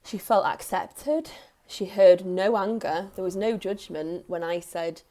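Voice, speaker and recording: Soft-spoken woman in her thirties, slow. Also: mid-range voice. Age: 30s. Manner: soft, earnest, repeats key phrases for emphasis. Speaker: parenting coach. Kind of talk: direct-to-camera advice talk.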